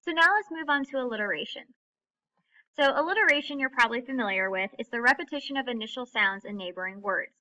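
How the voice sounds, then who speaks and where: A woman teacher giving a recorded English lesson, explaining terms clearly and slowing down to read examples. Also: fairly high pitch, expressive, bright, forceful tone, dull audio. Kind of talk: recorded classroom lecture.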